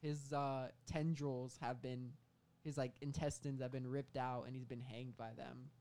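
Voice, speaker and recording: A man's voice: mid-range voice, flat delivery, unhurried, warm tone. Guy rambling through a story on a podcast, lots of ums and likes, medium voice. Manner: rambling storytelling with many fillers. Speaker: podcast co-host pitching a movie. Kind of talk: casual comedic chat.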